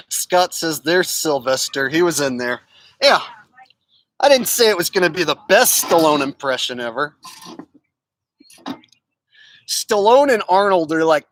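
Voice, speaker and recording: A man's voice: fairly high pitch, a bit bright, no room sound, low-quality recording. A man streaming live, chatting in a rambling, jokey way and reading out viewer comments. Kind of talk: casual livestream chat.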